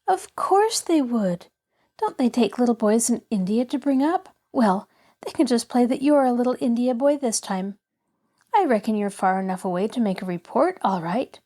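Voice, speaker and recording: A woman's voice: on the high side, lively intonation, moderate pace, mellow. A woman reading a storybook aloud, voicing an eager, cheerful little girl who chatters on.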